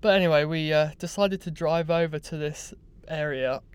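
Youngish man, clear voice. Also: a little high, moderate pace. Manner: animated, self-mocking storyteller. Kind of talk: casual anecdote monologue.

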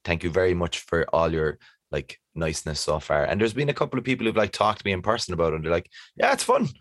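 A man's voice: deep voice, fast talker, no echo. A young man co-hosting a podcast in a laid-back, easygoing chat. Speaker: podcast co-host. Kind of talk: casual chat.

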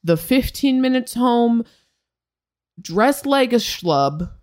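A young woman co-hosting a podcast, telling a story in a casual, animated and profane way. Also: on the high side, takes it slowly. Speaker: podcast co-host.

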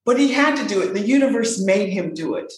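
Woman voice coach, lively swooping delivery, heavy room echo. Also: medium pitch, brisk. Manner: animated, playful, emphatic repetition. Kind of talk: casual interview talk. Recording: very echoey room.

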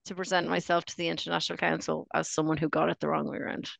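A middle-aged Australian woman co-hosting a podcast in casual chat, full of jokey quick asides. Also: deep voice, level tone, creaky, fairly bright tone, dry recording. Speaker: podcast co-host.

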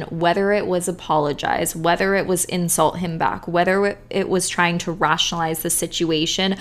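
Chatty woman podcast host. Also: lowish voice. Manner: casual and chatty, frequent "like" and "you guys". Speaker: podcast host and manifestation coach. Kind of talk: conversational self-help podcast monologue.

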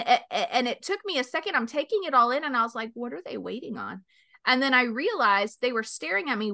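A woman in her forties hosting a podcast, telling a story animatedly and acting out the voices. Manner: animated storyteller, acts out voices with big pitch jumps. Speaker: podcast host. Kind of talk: casual chat, storytelling.

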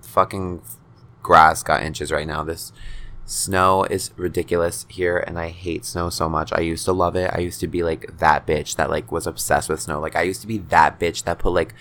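A man with a very low, deep voice talks loosely to his listeners from his bedroom. His delivery is chatty and informal, full of fillers and offhand swearing. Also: level tone, normal speed, fairly bright tone. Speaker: podcast host. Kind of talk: casual solo podcast chat. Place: bedroom at home.

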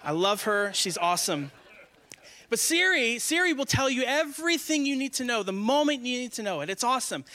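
Young male guest preacher, high and bright, joking with the congregation as he speaks. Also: sing-song, fairly quick. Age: 20s. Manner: joking, asks the congregation questions. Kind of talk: humorous conversational sermon. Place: church before a congregation.

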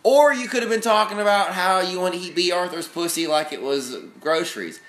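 A man bantering in casual chat, throwing in crude jokes and quick remarks. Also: high-pitched, fairly bright tone, roomy sound. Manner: joking interjections, crude humor. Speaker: podcast co-host.

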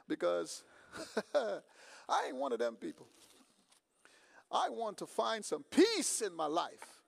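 A man preaching a sermon in a conversational way, swinging from quiet storytelling to loud emphasis. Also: high voice, huge pitch swings, slow, vocal fry, long pauses. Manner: conversational, swings from quiet to shouting, acts out dialogues. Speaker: pastor.

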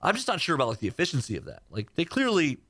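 A man's voice: fairly high pitch, wildly swooping pitch, rapid-fire, fairly bright tone, slightly rough, no room sound, clean studio sound. A man co-hosting a radio show, rambling through stories with many "like"s. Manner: rambling storyteller, lots of "like". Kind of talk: casual banter on a radio show. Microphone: studio mic.

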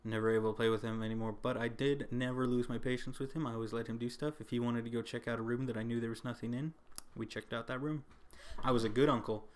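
A young man chatting into his podcast mic with an easygoing, rambling manner. His pitch sits in a plain middle range, and he laughs his way through tangents. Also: fairly even intonation, fast talker. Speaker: podcast co-host. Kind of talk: casual chat.

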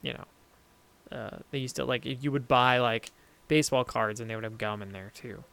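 A man's voice: mid-range voice, moderate pace, gravelly, a bit bright, clean tone. A young man co-hosting a casual podcast chat, rambling and self-interrupting, laughing easily. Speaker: podcast co-host.

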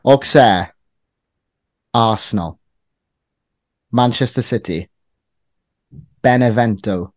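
A man's voice: medium pitch, takes it slowly, long pauses, dry recording. Man hosting a casual football quiz. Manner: reads clubs out one by one in a teasing tone. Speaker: quiz host.

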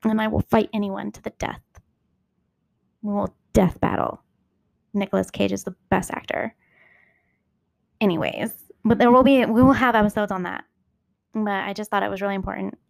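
A woman's voice: medium pitch, fairly even intonation, moderate pace, creaky, long pauses, no echo. A young adult woman hosting her own podcast, talking into her phone in a candid, rambling way, full of asides and self-corrections. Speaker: podcast host. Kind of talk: casual solo podcast monologue. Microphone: recording into her phone.

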